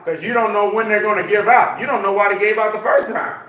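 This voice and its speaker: A man's voice: high voice, fast, hardly any pauses, sharp tone, recorded from a distance. Man counting reps in an echoey room. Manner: counts reps aloud, coaxing with frequent "okay?". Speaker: senior fitness instructor. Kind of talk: live exercise class instruction. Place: senior center room.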